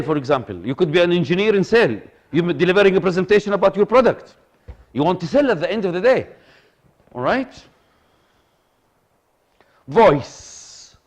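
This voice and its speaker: A male lecturer, talking to a class in a voice that sits high for a man. He is animated and repeats his points, checking again and again that his listeners are following. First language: Arabic. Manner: animated, repeats himself, asks the audience for agreement.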